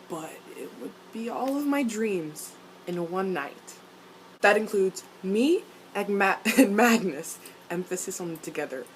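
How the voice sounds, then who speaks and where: A woman ranting as a vlogger about a TV episode, swearing a lot and jumping up in pitch and loudness. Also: slight background noise, poor audio. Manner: excited, swears often, jumps up in pitch and loudness. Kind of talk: fan reaction rant.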